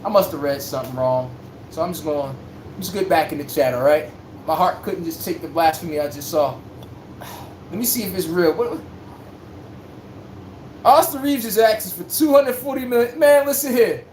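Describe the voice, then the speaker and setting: A man hosts a livestreamed sports talk show for his chat, brash and joking, packed with slang and sudden bursts of hype. His voice runs on the high side, expressive, at normal speed. The recording has a roomy echo and a faint background hum.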